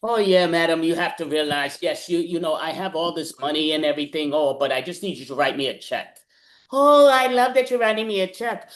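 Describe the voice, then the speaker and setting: Guy playing a high-voiced smarmy swindler, rambly, lots of oh yeah. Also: fairly quick, fairly bright tone, lightly acted. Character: pushy smarmy male swindler. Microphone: video call.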